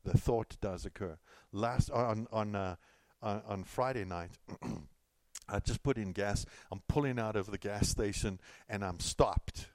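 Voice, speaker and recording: At a measured pace, a middle-aged pastor from California talks through a sermon casually, full of stories, self-repeats and side remarks. His voice is on the low side and a little mellow, and there's no room sound.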